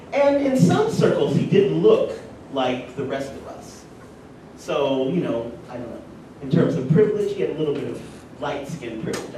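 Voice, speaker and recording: A man from rural North Carolina, giving a personal storytelling speech at a conference and making animated asides to the audience. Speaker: conference speaker. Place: conference hall. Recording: echoey hall from far off, faint rumble.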